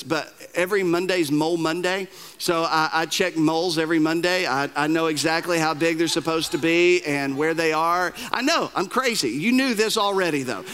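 A man's voice: high-pitched, pushed and bright. A man preaching a sermon as pastor, telling stories with self-deprecating humor and often repeating words as he starts a sentence.

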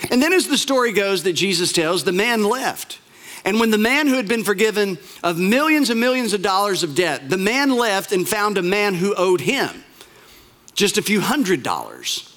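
A male pastor retelling a parable in a sermon, emphatic and repetitive, slowing down on key words. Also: high voice, fairly bright tone. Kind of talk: sermon storytelling.

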